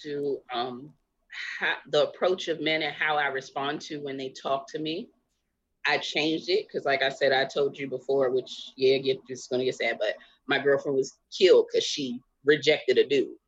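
A woman's voice: very deep voice, fairly even intonation, moderate pace, breathy edge, highs cut off. A woman speaking frankly and bluntly in a casual group discussion.

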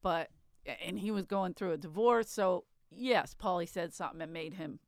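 A woman's voice: fairly low pitch, moderate pace, vocal fry. A woman telling a story in frank, chatty casual conversation, swearing now and then. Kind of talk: casual chat.

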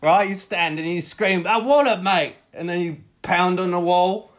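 A man playing a deadpan guest in a comedy sketch who talks a little high. He offers ridiculous invented sayings in a matter-of-fact, confident way. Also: moderate pace. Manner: deadpan, offers absurd fake British sayings. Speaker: guest playing a British business contact.

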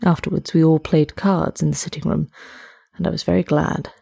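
A woman narrating a story in the first person with an even, measured reading. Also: sits low, creaky, slightly rough, no echo, clean studio sound.

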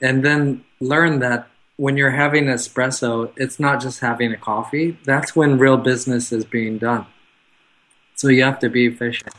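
A man speaking as a guest in an interview, talking about his business in a measured, reflective way. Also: medium pitch, steady tone, a bit bright, low-quality recording. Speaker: guest, car business owner. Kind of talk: conversational interview.

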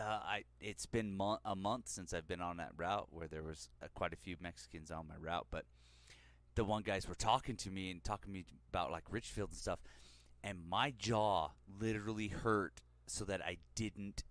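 A man's voice: sits low, moderate pace, fairly bright tone, dry recording. A man in his forties co-hosting a casual podcast, rambling and laughing as he tells stories. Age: 40s. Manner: rambling, laughs a lot, slips into mock accents. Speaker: podcast co-host. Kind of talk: casual chat.

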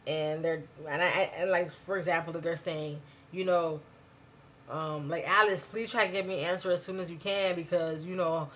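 A woman's voice: on the low side, fairly even intonation, moderate pace, fairly bright tone, a little hiss or hum. A woman giving tips on business emails in a chatty, conversational way. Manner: chatty and conversational, many fillers and asides. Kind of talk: casual spoken tutorial.

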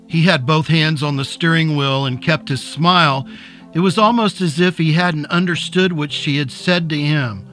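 A man narrating a dark serial story in a measured, deliberate way, and hosting the episode. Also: a little high, faint music behind. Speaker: narrator and host.

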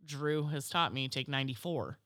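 A woman's voice: rumbling low, normal speed, fairly bright tone, no echo, clean studio sound. A woman co-hosting a podcast in casual chat, who teases her co-host and laughs often.

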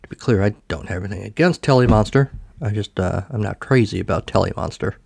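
A man's voice: on the low side, fast, gravelly, darkish tone, breathy edge, no echo. A man hosting a podcast, recapping a film casually in a rambling, self-correcting way. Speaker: podcast host.

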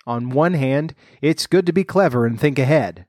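A man reading a fairy tale aloud in measured narration, then adding wry comments of his own. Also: mid-range voice, a little mellow, no room sound, studio quality. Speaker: storyteller.

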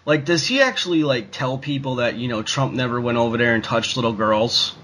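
A man's voice: mid-range voice, fairly quick, sharp tone, a little hiss or hum, low-quality recording. A man ranting in a casual talk show, swearing constantly and rambling with lots of fillers. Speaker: podcast co-host. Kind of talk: profane casual rant.

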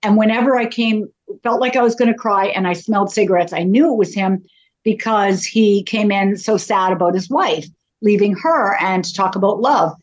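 A woman's voice: medium pitch, normal speed. Chatty woman on a dull lo-fi line. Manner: chatty, self-deprecating storyteller. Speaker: psychic medium guest. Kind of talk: casual interview talk.

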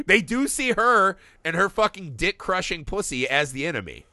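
Man, casual film podcast rant, profane, very bright tone, dry sound. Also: high-pitched, normal speed, dry recording. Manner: animated, ranting, swears often, laughs. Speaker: podcast co-host.

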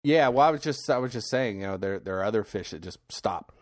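A man co-hosting a podcast in easygoing casual chat, hesitant and quick to laugh. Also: fairly low pitch, animated, dry recording, clean studio sound. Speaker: podcast co-host.

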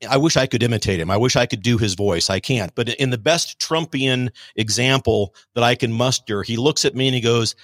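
A man's voice: mid-range voice, brisk, hardly any pauses, a bit bright, dry recording. A man talks as a guest on a political talk show, emphatic and rambling, often restarting his sentences. His voice sits in the middle range. The sound is dry and close. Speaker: guest author.

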